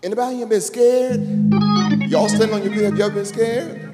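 A man preaching a sermon as bishop, calling to the congregation and rising into sung shouts. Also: high-pitched, fairly even intonation, fairly quick. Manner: call-and-response preaching, building to sung shouts. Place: church sanctuary. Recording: echoey church hall with music.

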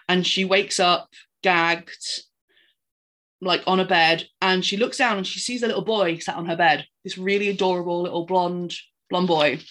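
A woman, chatting casually as a podcast co-host and retelling a film in an animated, rambling way. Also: on the low side. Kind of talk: casual chat recapping a film.

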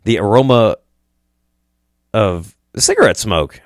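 A young man from Iowa hosts a podcast and tells a wild story full of swearing. His voice sits on the low side and he keeps it lively, jumping into the voices of the people he quotes. The sound is close and dry, with no room echo. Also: slow pace. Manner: profane, animated, acts out quoted voices. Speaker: podcast host telling a story. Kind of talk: casual storytelling.

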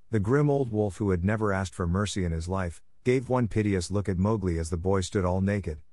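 A man narrating a classic story aloud in a measured, dramatic reading style. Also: deep voice, a little mellow, no echo, clean studio sound.

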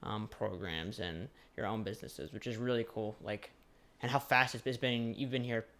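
Rambling young man, low-voiced interviewer. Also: moderate pace, a bit bright. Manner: rambling, searching for words, many "like"s. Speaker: student interviewer. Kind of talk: casual interview chat.

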